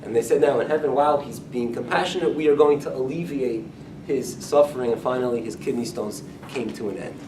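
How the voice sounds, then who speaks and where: A man teaching a Talmud class as a rabbi, talking in a conversational way and often repeating or restarting his phrases. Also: fairly quick. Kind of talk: lecture-style Talmud class. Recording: echoey room, speaker far from mic, faint rumble.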